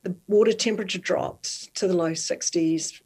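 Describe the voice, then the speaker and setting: A middle-aged woman from New Zealand with a New Zealand accent, a guest in an interview who tells her stories in an animated, giggly way. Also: fairly low pitch, normal speed, slightly rough. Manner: animated, lively storyteller who giggles easily. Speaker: guest, marathon swimmer. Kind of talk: storytelling in conversation.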